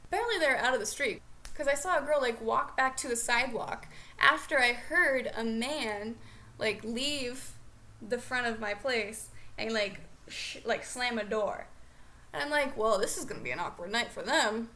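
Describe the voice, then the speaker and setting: Young woman vlogging, high voice, chatty and animated, says like a lot. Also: measured pace. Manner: chatty, animated, lots of "like" fillers. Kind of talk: comedic storytelling vlog.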